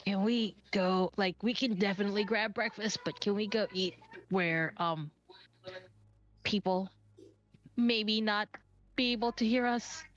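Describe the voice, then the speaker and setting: A woman's voice: medium pitch, unhurried, pauses often, lo-fi sound, close to an everyday voice. A woman voicing a guilty young woman who confesses in a hesitant, filler-heavy way. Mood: anxious.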